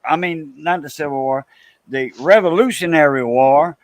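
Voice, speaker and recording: A man's voice: fairly high pitch, moderate pace, no room sound. A man in casual livestream chat, rambling and hesitant, often correcting himself mid-sentence.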